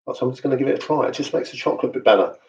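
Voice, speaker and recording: A man's voice: mid-range voice, very fast, darkish tone. Chatty London man on an echoey stream. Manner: chatty and jokey, lots of fillers. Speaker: host and trainer. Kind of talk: casual online training chat. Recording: echoey room, distant mic, dull sound.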